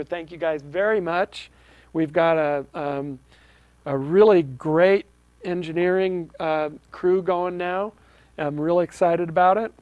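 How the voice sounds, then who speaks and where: Seorang pria memandu acara TV komunitas lokal, berbicara santai tanpa naskah, dengan nada sungguh-sungguh dan banyak "um" serta ulangan kata. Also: male voice, sits high, no echo. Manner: earnest, with frequent ums and restarts. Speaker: host of a local access TV show. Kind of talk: casual unscripted talk to camera.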